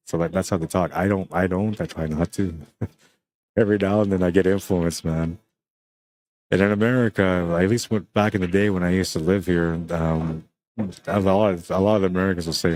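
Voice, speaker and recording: A man commentating a live pool match in an easygoing, talkative way. His voice sits very low and deep. He keeps it friendly and loose, often tacking "man" onto the end of his lines. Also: fairly even intonation, a little fast, darkish tone. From Canada. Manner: laid-back, chatty, often ends lines with "man". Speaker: pool commentator and stream host.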